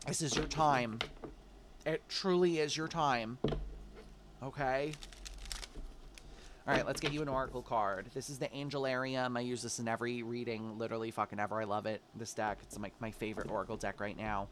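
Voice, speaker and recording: A man's voice: mid-range voice, steady tone, normal speed, noisy background. A man giving a casual, upbeat tarot reading, encouraging the listener and calling them babe. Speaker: tarot reader.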